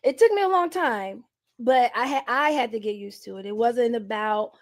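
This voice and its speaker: A woman's voice: a little high, moderate pace. A young adult woman telling candid stories in an interview, laughing often and acting out what people said. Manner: animated, laughs often, acts out quotes. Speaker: guest.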